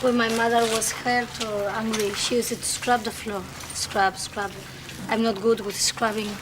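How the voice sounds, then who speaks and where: A woman's voice: fairly high pitch, little pitch movement, unhurried, lightly acted. An actress as an anxious woman. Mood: worried. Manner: worried, pleading. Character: anxious young Spanish woman fearing dismissal. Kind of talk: 1990s TV soap acting. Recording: old TV clip with noise.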